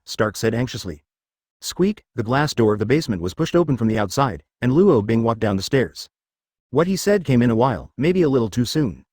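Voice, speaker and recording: A man's voice: medium pitch, animated, fairly quick, a little mellow, no echo, clean studio sound. A man narrating a fan story in a scripted, machine-read style.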